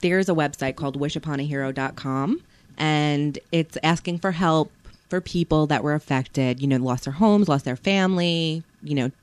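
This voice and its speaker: A podcast co-host running through strange news items in a plain, casual telling. The voice sits at a middle pitch. It is recorded close and dry, with no room around it. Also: moderate pace, clean tone, no echo. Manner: brings up strange news stories, tells them plainly. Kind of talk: casual comedic news banter.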